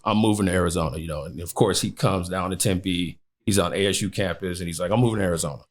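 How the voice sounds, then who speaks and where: A man in his thirties from Chicago, a podcast guest telling a personal story with many "you know" fillers. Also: deep voice.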